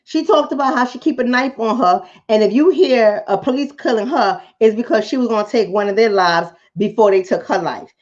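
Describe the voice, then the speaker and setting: A woman's voice: fairly high pitch, fairly quick, hardly any pauses, a little mellow, lo-fi sound. A woman vlogger and coach giving impassioned commentary to her viewers, preaching, repeating lines for emphasis and calling them family.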